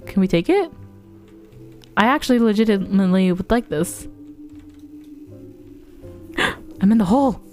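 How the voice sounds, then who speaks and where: A woman's voice: medium pitch, animated, a little slow, long pauses, darkish tone, faint music behind. A woman streamer chatting playfully while playing a game, giggling and gasping often and greeting her viewers. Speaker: variety streamer. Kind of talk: casual live-stream gameplay chat.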